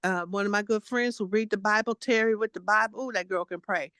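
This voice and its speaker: A woman's voice: mid-range voice, fairly even intonation, a little fast, a bit bright, dry recording. Blunt, emphatic woman in her sixties. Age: 60s. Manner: blunt, emphatic, repetitive and fussing. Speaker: guest spiritual teacher. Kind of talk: casual spiritual testimony.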